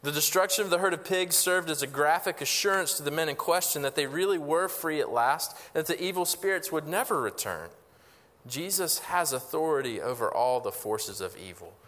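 A man's voice: fairly high pitch, animated, brisk, fairly bright tone, big-room sound. A pastor preaching a conversational sermon, asking rhetorical questions and often restarting his phrases.

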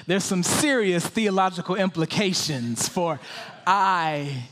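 A man preaching a sermon, swinging from loud pleading questions to hushed whispers. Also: sits high, slow pace.

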